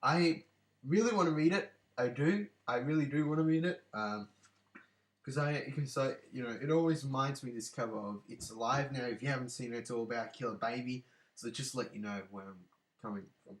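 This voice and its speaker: A man chats casually to his viewers, rambling along with lots of fillers and repeated apologies. His voice sits at a middling pitch. The recording bounces around an echoey room. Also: brisk. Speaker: book collection vlogger. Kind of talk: casual vlog.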